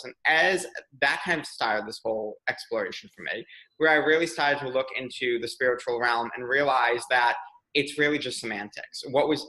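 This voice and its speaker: A young man in casual conversation, telling personal stories with a bright, forceful ring to his voice. He speeds up and lifts his voice when a moment excites him. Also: mid-range voice, rough recording. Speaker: podcast guest, PR consultant. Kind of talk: candid conversational storytelling.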